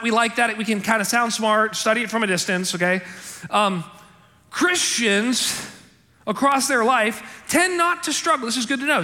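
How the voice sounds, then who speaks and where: A man preaching to his congregation in a high, bright voice. He talks in a chatty, emphatic way and keeps checking in with "okay?" and "right?". The sound carries the long reverb of a church hall. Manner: conversational, emphatic, frequent "okay?" and "right?" asides. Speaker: pastor. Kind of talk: sermon. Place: church sanctuary.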